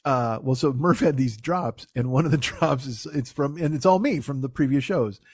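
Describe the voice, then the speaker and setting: A middle-aged man hosts a comedy podcast in a husky, mid-range voice at a moderate pace, recorded dry at studio quality. His casual banter is profane and self-mocking, and he acts out voices when quoting people.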